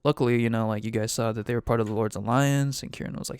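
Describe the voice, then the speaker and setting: A man's voice: medium pitch, fairly even intonation, fast talker, darkish tone, smooth, no echo. A man, the game master, casually recapping a tabletop game in a rambling, profane way full of "like". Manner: rambling, loose and profane, heavy on "like".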